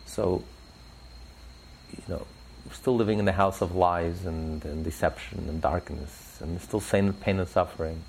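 A man teaching religious ideas in an interview, preacherly, rising sharply in pitch for emphasis and telling stories with acted voices. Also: fairly even intonation, moderate pace, a little mellow, slight background noise, poor audio.

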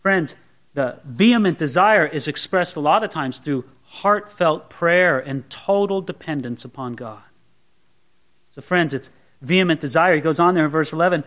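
Animated high-voiced male preacher. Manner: animated preaching, acting out a believer's inner voice; swings from hushed, slow emphasis to loud, high outbursts. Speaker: pastor. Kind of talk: sermon.

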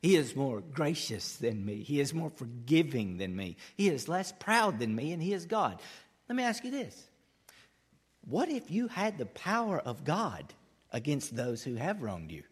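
A man delivers a sermon with a lively, wide-ranging pitch, swinging from eager, loud stretches down to hushed lines. His voice sits a little high for a man, and a long reverb trails off each phrase as if he is in a large hall. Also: unhurried, slightly rough. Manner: animated preaching, big swings between loud and hushed. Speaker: pastor.

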